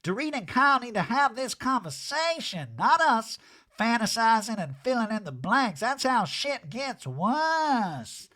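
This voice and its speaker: A man voicing a brash, blunt adult woman reality star with a loud, sassy delivery. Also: extremely high pitch, big pitch swings, a little slow, pitched above the performer's own voice, heavily acted.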